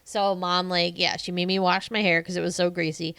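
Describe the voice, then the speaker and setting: A woman in her thirties co-hosting a podcast, casually chatting and telling a childhood story with quick reactions and laughter. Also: fairly low pitch, flat delivery, a bit bright, clean tone, dry recording. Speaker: podcast co-host. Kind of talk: casual chat.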